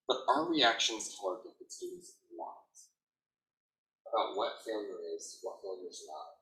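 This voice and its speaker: A man in his thirties presenting to an audience in a casual, animated way, his bright voice swinging widely in pitch. He sounds a little away from the microphone in a reverberant room. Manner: conversational, animated, lots of "like". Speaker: educator presenter. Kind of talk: conference presentation. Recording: echoey room, mic at a distance.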